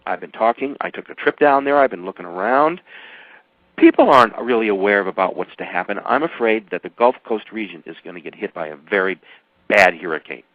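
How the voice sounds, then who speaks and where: A man's voice: brisk, no echo. Emphatic older man on dry, dull radio. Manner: emphatic, rambling, with sudden jumps in pitch. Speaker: author and guest. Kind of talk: radio interview.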